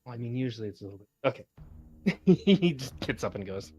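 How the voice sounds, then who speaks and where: A man's voice: mid-range voice, lively intonation, fast, darkish tone, breathy edge, faint music behind. Joking man player at a game table. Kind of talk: casual chat.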